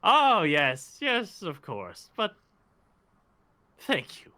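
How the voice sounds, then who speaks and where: A player voicing a smug high priest who plays at modesty in a simpering tone. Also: huge pitch swings, very slow, sharp tone, exaggerated voice. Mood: mock humble. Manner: simpering, mock humble.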